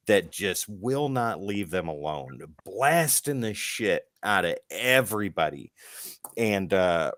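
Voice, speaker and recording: Man, low voice, retelling a comic story. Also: dry recording, clean studio sound. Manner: animated storytelling, acts out quotes, swears. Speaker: podcast co-host. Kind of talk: casual comic-book podcast chat.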